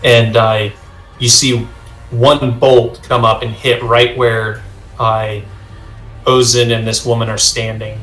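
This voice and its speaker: Guy game-mastering over a video call, lots of uhs, echoey room, soft music behind. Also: medium pitch, level tone. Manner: halting, many uh fillers. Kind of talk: narrating a tabletop game. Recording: roomy sound with faint music.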